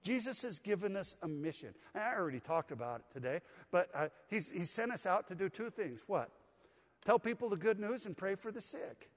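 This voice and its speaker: A man's voice: high-pitched, expressive, fairly quick, long reverb tail. An older man preaching a sermon to his congregation in a folksy, conversational way with touches of humor. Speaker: pastor. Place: church sanctuary.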